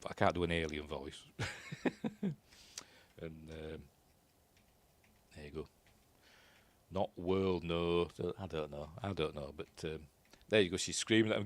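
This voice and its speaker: A man's voice: sits low, steady tone, measured pace, no echo. A man with a Yorkshire accent giving a casual, rambling commentary while watching a film, often unsure of himself and chuckling at his own asides. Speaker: film reviewer.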